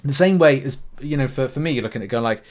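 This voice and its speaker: Male gaming creator, mid-pitched, loose rambling delivery, brief: video commentary. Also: fast, darkish tone. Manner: rambling, many fillers and restarts. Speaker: gaming YouTuber. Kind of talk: casual commentary on a mobile game.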